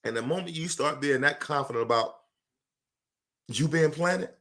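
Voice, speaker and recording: Motivational host, male, raised pitch, tense edgy tone, preaches with emphatic repeats. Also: normal speed. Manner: loud bursts of fervor and laughter. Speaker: motivational speaker. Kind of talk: live motivational talk. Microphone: livestream microphone.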